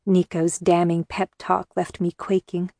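A woman narrating a first-person novel in a measured, earnest way. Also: lowish voice, flat delivery, creaky, dark tone, no echo, clean studio sound. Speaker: audiobook narrator.

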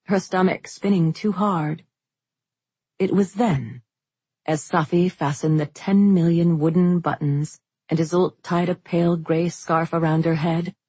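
A woman narrating a fantasy novel as an audiobook, in steady, unhurried storytelling. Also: deep voice, breathy edge, dry recording.

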